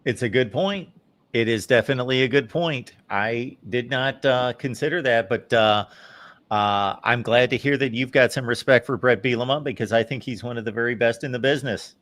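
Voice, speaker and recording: A man's voice: medium pitch, normal speed, fairly bright tone, no echo. A man hosting a live college football talk show, giving emphatic, opinionated commentary. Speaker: host. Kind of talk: live postgame sports talk.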